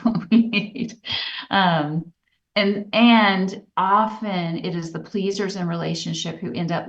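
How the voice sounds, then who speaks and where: A woman co-hosting a podcast, telling personal stories in an earnest, reflective way that turns animated. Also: low-pitched. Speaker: podcast co-host. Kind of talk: candid personal storytelling. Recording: dull, slightly distant podcast audio.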